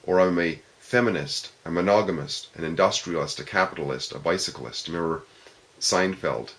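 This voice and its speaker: A man's voice: low-pitched, a bit bright. A man giving an informal philosophical talk to a discussion group, reflecting step by step and posing questions to his listeners.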